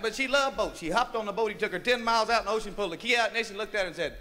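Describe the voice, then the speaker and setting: A man's voice: high voice, very fast, hardly any pauses, pushed and bright. A man doing crude, profane stand-up comedy on a nightclub stage, telling a story in a rowdy way, on a noisy vinyl recording of the live show.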